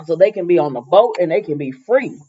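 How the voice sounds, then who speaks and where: A woman's voice: fairly low pitch, brisk, husky. Sassy woman recapping, lo-fi. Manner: sassy, chatty retelling with lively asides. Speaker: soap opera recapper. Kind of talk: casual episode recap. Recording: slightly muffled lo-fi recording.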